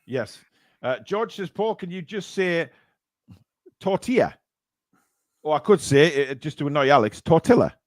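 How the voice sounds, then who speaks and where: Man, stream host, slightly high voice, dry close sound, mock outrage at donations. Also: lively intonation, a little slow, long pauses, no room sound. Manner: laughing, reads out super chats with mock outrage. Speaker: livestream host reading donations. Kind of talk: casual live stream chat.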